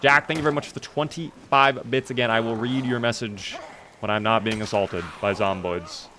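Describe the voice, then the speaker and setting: A man with a bright, forceful mid-range voice and fairly even intonation talks at a moderate pace while streaming a game. He jokes mock-formally with chat members by name, speaking around a sore in his mouth, over a little hiss or hum.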